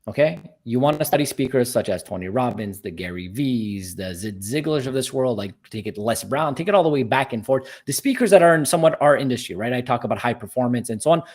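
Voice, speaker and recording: A man's voice: medium pitch, a little mellow. A man speaking as a podcast guest, earnest and motivational, building his points with emphasis. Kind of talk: podcast interview.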